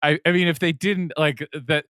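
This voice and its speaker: A man's voice: on the high side, steady tone, moderate pace, sharp tone, no room sound, studio quality. A man co-hosting a comedy film podcast, recapping with wry, incredulous questions. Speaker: podcast co-host.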